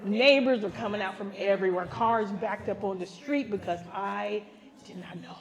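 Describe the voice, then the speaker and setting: An older woman pastor telling a comic story at a women's gathering, animated and laughing, acting out the voices of the people in it. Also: mid-range voice, normal speed. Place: live gathering.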